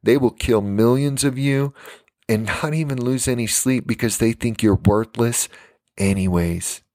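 A man's voice: mid-range voice, unhurried, darkish tone, no room sound, studio quality. An American man preaching a fiery live-stream sermon for his podcast, emphatic and tired. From United States.

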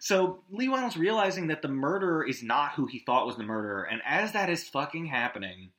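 A man's voice: a little high, normal speed, a little hiss or hum. Guy on a podcast going over a horror movie, swears a lot, voice jumps all over, kinda echoey. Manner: animated, swearing, acts out scenes with yelps and hummed music. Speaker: podcast host. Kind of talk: casual movie recap.

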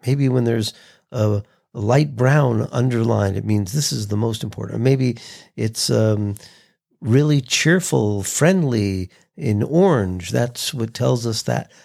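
A man hosting a podcast, teaching voice delivery in a relaxed conversational way and acting out short sample reads. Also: mid-range voice, slow pace, creaky. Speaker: voice coach and podcast host. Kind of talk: casual instructional talk.

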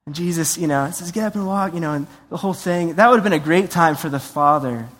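A man preaching a sermon in a conversational, animated way, acting out voices and asides. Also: on the high side, fast. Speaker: pastor. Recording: long hall reverb.

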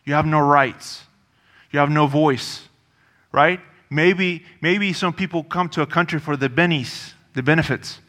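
Unhurried and conversational, a man preaches with emphasis, often repeating himself and slipping in casual asides. The voice is forceful and bright, a little high for a male speaker, with a lengthy hall-like reverb behind it.

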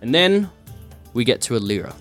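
A man narrating a tabletop game as game master, animated and hesitant. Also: mid-range voice, a little fast, faint music behind.

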